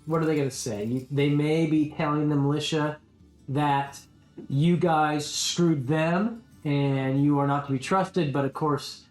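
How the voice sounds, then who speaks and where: A man's voice: fairly high pitch, fairly even intonation, measured pace, a little mellow, roomy sound, soft background music. A man narrating as game master of a tabletop game, hesitant, with many ums and restarts.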